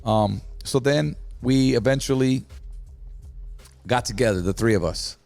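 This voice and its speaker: A man hosting a podcast who reminisces in a lively, hyped-up way and speaks straight to the viewers. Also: mid-range voice, a little slow, vocal fry, no echo, faint music behind. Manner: animated, hype, talks to viewers. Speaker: podcast host. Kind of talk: casual podcast chat.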